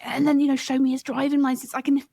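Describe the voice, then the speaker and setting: Higher-voiced woman hosting a podcast. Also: level tone, fast talker, gravelly, dry recording, studio quality. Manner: reflective, gently probing. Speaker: podcast host. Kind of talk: empathetic interview.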